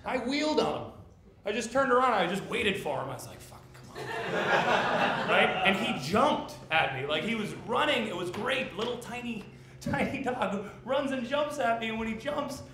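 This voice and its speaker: A man doing stand-up in a small theater, telling absurd stories in a rambling, halting, deadpan way. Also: very high-pitched, a crowd in the background. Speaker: stand-up comedian. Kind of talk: live stand-up set. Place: small theater stage before a live audience. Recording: echoey theater with audience laughter.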